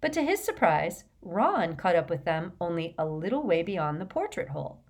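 A woman narrating an audiobook with measured, lively storytelling. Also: fairly low pitch. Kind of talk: scripted narration.

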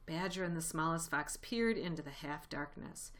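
A woman narrating a children's chapter book aloud with a lively, expressive delivery. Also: low voice, moderate pace. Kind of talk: audiobook reading.

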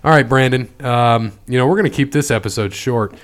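A man's voice: medium pitch, moderate pace. Joking male podcast host. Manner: joking, laughs often. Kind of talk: casual chat.

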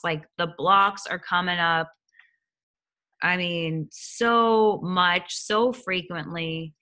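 A woman with a low, bright, forceful voice chats casually to camera about her own week. She is a hypnotherapist, and she keeps acting out her own thoughts and other people's lines as she goes. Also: slow. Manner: chatty, animated, acts out what people said. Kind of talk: casual personal chat.

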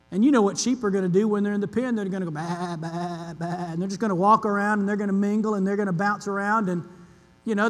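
A man's voice: high voice, a bit bright. A man preaching an earnest sermon as pastor, leaning on emphatic repetition. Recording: long hall reverb.

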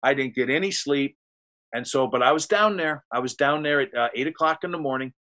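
Bright-voiced man telling a rambling story. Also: medium pitch, fairly quick. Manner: rambling, animated, acts out quotes. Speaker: storyteller guest. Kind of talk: casual anecdote.

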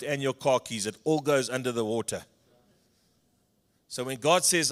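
A middle-aged pastor from South Africa preaches with a voice pitched in the ordinary middle range for a man. He tells personal stories and acts out the people in them, rising loud and then dropping to near-hushed tones. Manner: storytelling preacher, acts out dialogue, swings between loud and hushed. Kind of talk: sermon.

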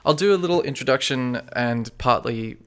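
A man's voice: medium pitch, normal speed. Chuckling man running a tabletop game. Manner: relaxed, chuckling narration with fillers. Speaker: game master.

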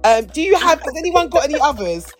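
A woman's voice: high-pitched, sing-song, quick pace. Woman, podcast co-host, casual rambling chat, playful, faint background music. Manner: rambling, restarts sentences, playful.

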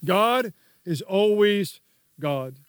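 A man's voice: sits high, lively intonation, drawn-out words, clean tone, no room sound, studio quality. A man preaching a sermon as pastor, emphatic and repetitive, prompting the congregation to repeat key words.

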